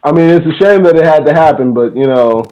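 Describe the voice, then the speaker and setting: A man from Missouri co-hosts a podcast, mostly chiming in with short quips and chuckling agreement. His voice is a little high. His recording sounds muffled and dull. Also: fast, mellow. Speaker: podcast co-host. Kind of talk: casual chat.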